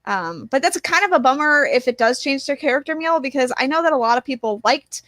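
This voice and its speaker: A woman's voice: sits high, animated, quick pace, fairly bright tone, no room sound, clean studio sound. A woman co-hosting a casual podcast, thinking aloud, hesitant, with many fillers. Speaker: podcast co-host. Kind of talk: casual chat.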